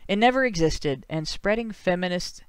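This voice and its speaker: A man with a Northern Ohio accent hosts a livestreamed talk show and reads viewer donations aloud. His voice is smooth and clear and sits a little high for a man. He is dry and sardonic, and he breaks off into chuckling asides. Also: expressive, normal speed, no room sound. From Ohio, USA.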